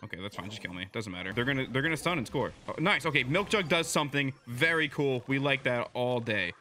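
A young man giving excitable live play-by-play commentary on his own match, chatty and quick, swinging between low mumbling and loud yelling at his teammates. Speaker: gaming video creator.

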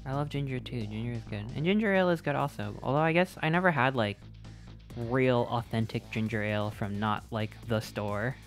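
A woman's voice: rumbling low, brisk, soft background music. A woman hosting a game stream, chatting casually in a playful, giggly way. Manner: playful, giggly, talks in bursts. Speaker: streamer host.

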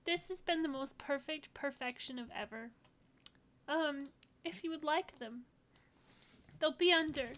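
A woman's voice: high-pitched, a bit bright, slight background noise. A woman chatting casually over a game as she plays, bubbly and talkative. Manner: bubbly, chatty, talks to the game and her dogs. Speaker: gaming YouTuber. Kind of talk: casual gameplay commentary.

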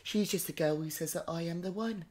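A woman hosting a comedy podcast, playing a psychic with theatrical calls and hushed whispers. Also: fairly low pitch, fairly quick. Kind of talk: improvised comedy psychic reading.

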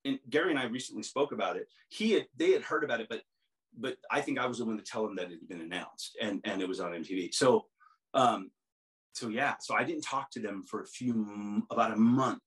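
A man's voice: on the low side, a little fast, fairly bright tone, poor audio. A middle-aged man telling long, rambling stories as an interview guest, with many restarts, often mimicking other people's voices. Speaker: musician guest. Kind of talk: casual storytelling interview.

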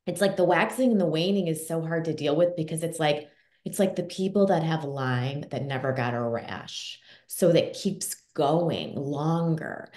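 A woman's voice: on the low side, darkish tone. A woman hosting a podcast who talks in an emotional, rambling way, close to tears. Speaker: podcast host. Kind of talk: podcast interview. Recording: echoey room.

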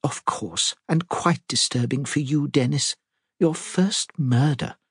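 A man voicing an elderly woman sleuth who speaks softly, politely and apologetically. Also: mid-range voice, slow, slightly rough, dry recording, studio quality, voice pushed up, heavily acted. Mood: gentle, apologetic. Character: elderly spinster sleuth, gentle and fluttery.

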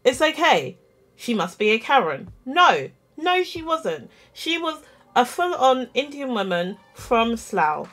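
A woman, telling an animated, self-mocking story in a casual vlog, full of "like" and quoted dialogue. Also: a little high, slow. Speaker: vlogger.

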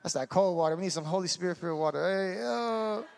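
A man preaching a sermon in an animated way, acting out scenes and swinging from shouting to a hush. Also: sits high, fast, creaky. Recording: hall reverb.

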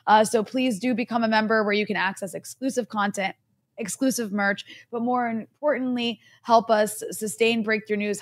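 A woman co-hosting a political talk show, sardonic and emphatic, with many "like" fillers. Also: mid-range voice. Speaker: co-host. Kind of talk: casual political commentary.

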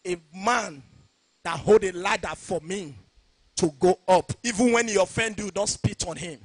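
Man, pastor, shouting sermon, sing-song cadence, high voice, dry close recording. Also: moderate pace, no echo.

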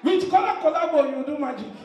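A man from Nigeria with a Nigerian Pidgin English accent, doing stand-up comedy, swinging from shouted punchlines to low asides. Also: quick pace, distant mic, heavy background noise. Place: live comedy stage. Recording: echoey venue heard from off mic. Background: laughing audience.

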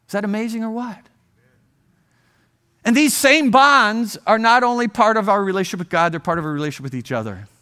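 This guest preacher, an Ohio man in his sixties, tells a story during a lighthearted sermon in a church auditorium, joking aside to listeners. He has a high-pitched, expressive voice, fairly quick, with a bright, forceful and clean tone.

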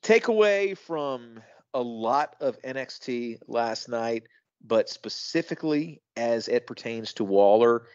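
A man talks wrestling on a podcast, casual and thoughtful, often restarting his sentences before landing an emphatic point. His voice sits at a middle pitch. The recording is dry and close, with a dull, lo-fi sound. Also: expressive, slow pace, a little mellow, smooth, no echo. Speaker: podcast co-host.

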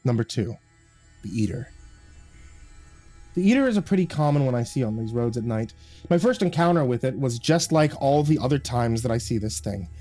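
Mellow, husky man narrating horror. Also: medium pitch.

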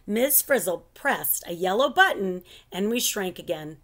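Slow, expressive woman reading a storybook. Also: mid-range voice. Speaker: storybook reader. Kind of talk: children's read-aloud narration.

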